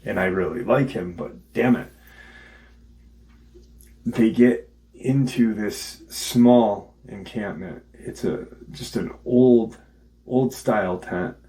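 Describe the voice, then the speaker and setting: A man casually retelling an encounter as a podcast host, halting with many ums and restarts. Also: lowish voice, warm tone, rough recording. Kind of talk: casual spoken storytelling.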